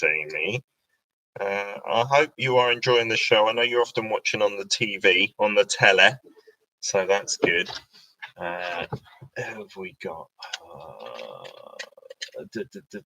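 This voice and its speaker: A man's voice: low-pitched, pushed and bright, no echo, rough recording. A man hosting a casual livestream, chatty and reading out viewer questions. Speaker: radio host. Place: indoor home livestream.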